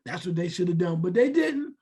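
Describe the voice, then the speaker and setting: A man's voice: high voice, very animated, a little fast, dark tone, husky. A man co-hosting a sports talk show, giving loose, opinionated takes. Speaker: sports radio co-host.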